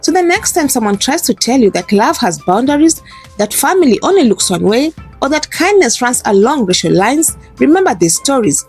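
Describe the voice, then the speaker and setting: A woman reading a scripted narration in an earnest, measured way. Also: high voice, big pitch swings, breathy edge, faint music behind.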